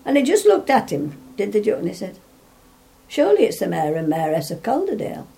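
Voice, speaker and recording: Gravelly older woman reminiscing. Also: medium pitch, huge pitch swings, fairly quick, dark tone. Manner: rambling, full of restarts, laughs while telling. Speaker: interviewee. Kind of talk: reminiscing storytelling.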